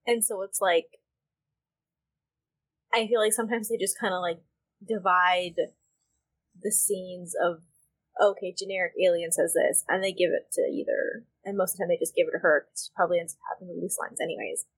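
A woman's voice: lowish voice, fairly even intonation, normal speed, slightly rough. A woman co-hosting a podcast in casual chat, heated and emphatic, swearing freely. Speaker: podcast co-host.

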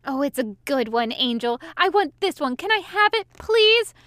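A woman's voice: high-pitched, very animated, unhurried, a bit bright, no room sound, studio quality, exaggerated voice. A woman voicing a drunk, giggly male demon who teases and sulks, in a fan fiction audiobook. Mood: playful tipsy. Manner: teasing, then grumbling and sulky.

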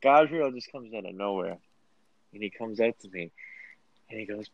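A young man in casual chat, teasing friends and telling an excitable story. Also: mid-range voice, brisk, long pauses, no room sound, muffled recording.

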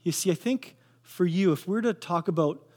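Young Canadian man, slightly high voice, casual earnest testimony sermon. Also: normal speed, a little mellow. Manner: casual, earnest storytelling with fillers.

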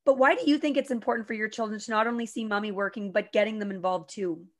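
A woman hosts a podcast interview in a casual, chatty way, warm, effusive and encouraging. Her mid-range voice is steady in tone, and she talks fast.

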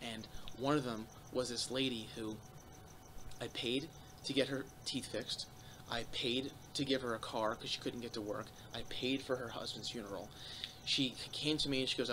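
A man's voice: mid-range voice, moderate pace, noisy background. A man telling stories in a casual comedy podcast chat, acting out the voices of people in his stories. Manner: animated storyteller acting out voices. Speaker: comedian guest.

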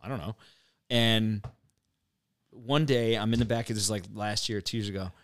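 A man co-hosting a podcast, telling stories in an animated way and acting out the dialogue. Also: fairly low pitch, moderate pace. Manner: animated storyteller, acts out dialogue. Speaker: podcast co-host. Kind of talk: casual podcast chat.

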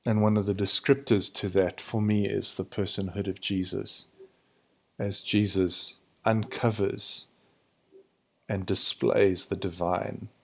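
Gravelly low-voiced man musing. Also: little pitch movement, slow. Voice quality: gravelly morning voice. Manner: searching, hesitant, restarts to find words. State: hoarse from early morning. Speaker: podcast host. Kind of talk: reflective spiritual monologue.

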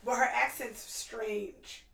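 Gravelly, animated woman in an echoey room. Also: on the high side, slow pace, distant mic. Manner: animated storyteller, laughs often. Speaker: podcast co-host. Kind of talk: casual chat.

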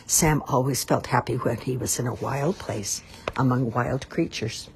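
A woman reading a children's novel aloud in an expressive, measured way. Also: rumbling low, a little hiss or hum. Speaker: storyteller.

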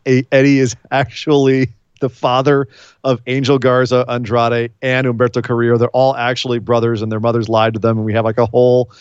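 A man's voice: medium pitch, completely flat delivery, a little fast, clear, resonant tone, no room sound, highs cut off. A man co-hosting a live-streamed podcast, joking sarcastically with his co-host. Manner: sarcastic, playful joker. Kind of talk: casual live-stream chat.

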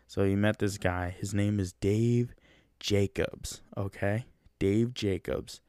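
Podcast host, young man, low voice, dry close sound, easygoing rambling delivery. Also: fairly even intonation, slow, a little mellow, clean tone, no echo. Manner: rambling, loose and conversational with frequent fillers. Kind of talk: casual solo podcast chat.

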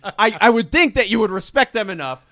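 Lively, cursing podcast co-host man. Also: high-pitched, brisk, no room sound, studio quality. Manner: animated, swearing, laughing often. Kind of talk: casual chat.

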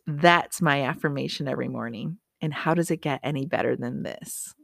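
A woman's voice: low-pitched, steady tone, fairly quick, gravelly, few pauses, no echo, studio quality. A woman hosting a motivational podcast, chatty and upbeat, often correcting herself and making asides to herself. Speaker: podcast host.

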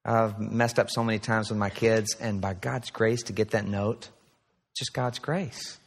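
A man's voice: lowish voice, little pitch movement, normal speed, gravelly. A pastor in his forties preaching an earnest, story-driven sermon. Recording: played sermon recording with long reverb.

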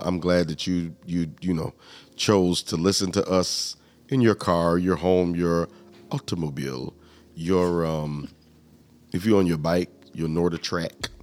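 A man hosting a casual talk show, teasing his guests and laughing often, with drawn-out emphatic phrases. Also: low-pitched, fairly even intonation, a little mellow. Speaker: podcast host. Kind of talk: casual chat.

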